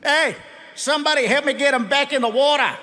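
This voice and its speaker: A man voicing rowdy beachgoers jeering at a big man, in a loud, high, excited voice. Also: brisk, background noise.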